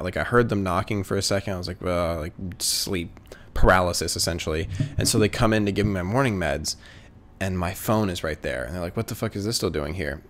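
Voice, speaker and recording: Rambling low-voiced young man. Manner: rambling, filler-heavy, profane. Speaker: vlogger. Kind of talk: casual storytelling.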